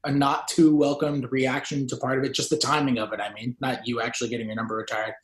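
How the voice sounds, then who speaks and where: A man's voice: medium pitch, flat delivery, quick pace. A man interviewing guests, stumbling and restarting as he works toward his questions. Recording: roomy echo.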